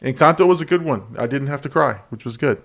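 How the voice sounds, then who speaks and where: A man's voice: mid-range voice, lively intonation, fast, gravelly. A man hosting a live stream, chatting casually, laughing often and repeating words as he reads chat aloud.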